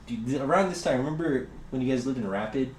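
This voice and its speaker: A young man hosting a podcast tells a rambling, profane story at a fast clip in his mid-range voice, loudly acting out the quotes. The casual chat was recorded in an echoey room with a faint hiss.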